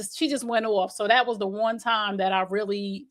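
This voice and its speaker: A woman's voice: mid-range voice, moderate pace. A woman with a New Jersey accent, a mother and autism advocate, telling stories in a casual interview and acting out what people said. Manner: animated storyteller, acts out quotes.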